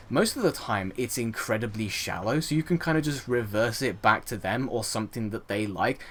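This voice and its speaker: A young man hosting a let's play, ranting over gameplay with indignant rhetorical questions and the odd swear. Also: on the low side. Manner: frequent fillers and restarts, swears.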